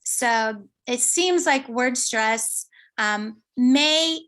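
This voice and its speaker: A woman researcher explains her conference findings step by step, her talk dotted with pauses and fillers. Her voice runs a little high and has a slight brightness.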